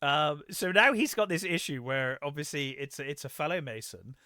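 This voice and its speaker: A man with a bright, forceful voice talks through a film in a casual podcast chat. He sounds animated, swears freely, and laughs between lines. The dry, close sound has little room to it. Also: a little high, normal speed, dry recording. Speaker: podcast co-host.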